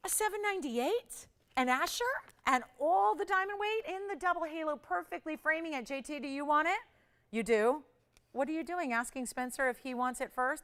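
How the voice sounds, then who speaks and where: A woman's voice: sits high, expressive, normal speed, a bit bright. A middle-aged woman hosting a live jewelry sales show, bubbly and persuasive, laughing often as she urges viewers to call. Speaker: shopping channel host.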